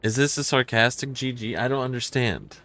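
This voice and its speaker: A man's voice: mid-range voice, lively intonation, moderate pace, fairly bright tone. A man streaming a horror game live, talking frankly and swearing as he mulls over a confusing match. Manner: frank, swearing, puzzled and self-critical. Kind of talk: casual gameplay commentary.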